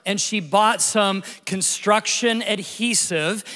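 A middle-aged man, a pastor, giving a lively, conversational Easter sermon with jokes and stories. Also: high voice, takes it slowly. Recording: long hall reverb.

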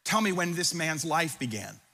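A pastor preaching a sermon, reading scripture aloud with dramatic emphasis and breaking into conversational asides. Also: male voice, fairly high pitch, very animated, normal speed, bright, forceful tone, breathy edge. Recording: long hall reverb.

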